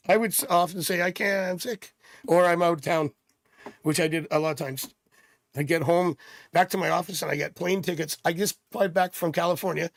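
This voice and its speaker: A man's voice: on the high side, vocal fry, no echo, studio quality. A middle-aged man hosting a live tarot stream, chatting casually and drifting off into rambling personal stories. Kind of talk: casual livestream chat.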